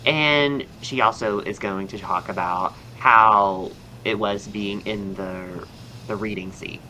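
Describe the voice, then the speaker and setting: Bright-voiced young Southern man, chatty. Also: fairly low pitch, takes it slowly, slight background noise, poor audio. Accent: Southern American. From American South. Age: young adult. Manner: chatty, upbeat, rambling with fillers. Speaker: podcast host and astrologer. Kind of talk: casual chat.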